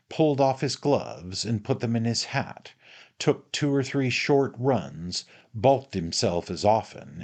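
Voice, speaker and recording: Low-voiced male audiobook narrator. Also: a little mellow. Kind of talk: reading a classic novel aloud.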